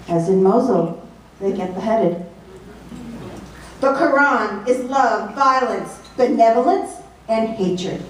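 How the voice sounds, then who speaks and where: A woman with a Southern American accent giving a political speech, delivering points emphatically in list-like runs. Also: fairly high pitch. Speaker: speaker at a political event. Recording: very echoey hall, voice from far off.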